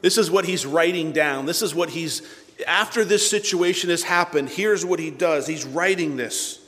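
A male pastor preaching a sermon, animated, swinging between loud bursts and hushed asides. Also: a little high, moderate pace, in a large hall.

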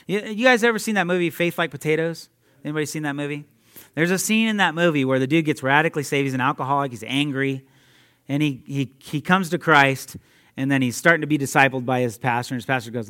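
A young adult man preaching a sermon in an energetic, conversational way, laughing often and talking straight to his listeners. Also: a little high, quick pace. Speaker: preacher at a youth ministry.

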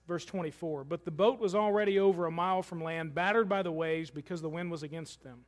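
Male pastor, fairly high voice, relaxed sermon delivery with joking asides to the congregation. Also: fairly quick, few pauses. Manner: conversational preaching with humorous asides.

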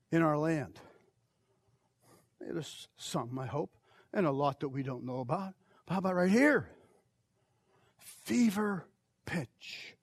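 A man preaching an altar call, impassioned, swinging from shouted pleas to near whispers. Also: fairly high pitch, husky, dry recording. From United States. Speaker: pastor.

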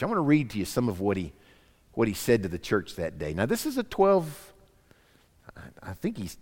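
A male pastor with a drawl delivers a sermon, his voice rising and falling with animated, wide-ranging pitch. He leans into quoted lines with dramatic swings from loud to hushed. The recording carries the long reverb of a church hall. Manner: animated preaching, drops to soft quoted lines.

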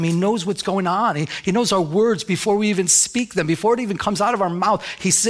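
A man's voice: high voice, a bit bright. A middle-aged man preaching a sermon as pastor, talking to the congregation in a conversational way and acting out little dialogues. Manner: conversational, acts out dialogue with God.

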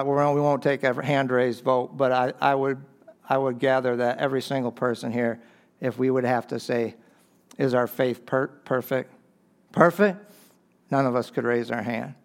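A middle-aged man preaching a sermon as a pastor, swinging from emphatic raised peaks down to quiet, low stresses, with brief chuckles between phrases. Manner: impassioned, rising to emphatic peaks and dropping low for key points.

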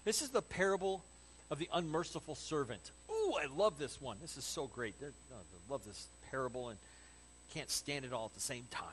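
A man preaching a sermon in an animated, conversational way with joking asides, as pastor. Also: medium pitch, fairly quick, a little hiss or hum, low-quality recording.

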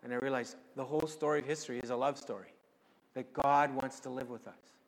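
A man preaching a sermon, conversational, with sudden swings between soft and loud. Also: medium pitch, steady tone, fast talker, in a large hall, poor audio. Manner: conversational with dramatic swings in loudness. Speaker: pastor.

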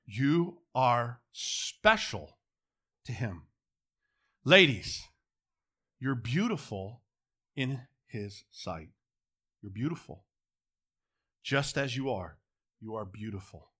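A middle-aged man preaching a sermon, moving between quiet, close asides and loud, emphatic calls to the congregation. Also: mid-range voice, sing-song, slow, pauses often, husky.

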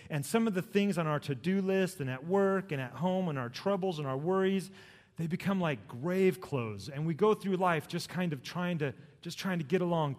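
Man preaching in a reverberant hall. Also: on the high side. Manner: dramatic, rises to loud emphatic peaks then drops soft. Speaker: pastor. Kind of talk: sermon.

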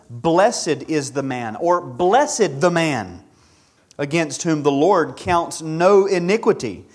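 A man's voice: fairly high pitch, husky. Emphatic man preaching a sermon. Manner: measured, emphatic expository preaching with repeated phrases.

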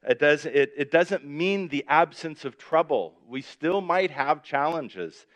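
A man's voice: on the high side, animated, unhurried, fairly bright tone. A man preaching a sermon in a conversational way, reading scripture verses aloud and explaining them with everyday examples. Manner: conversational, repeats and restarts, reads scripture aloud. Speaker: pastor.

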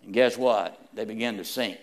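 A man preaching a sermon, reading scripture aloud and swinging between hushed, slow lines and loud, rising ones. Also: lowish voice.

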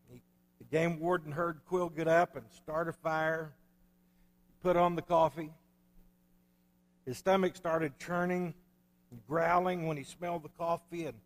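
In a church sanctuary with the long reverb of the hall, a male pastor tells a story during his sermon. His voice is notably high for a man, and his manner is folksy, easygoing, and conversational.

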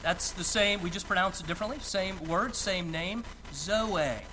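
A man preaching a sermon as pastor, reading scripture and then explaining it slowly and deliberately, with emphatic pauses. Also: high-pitched, sharp tone, slight background noise, low-quality recording.

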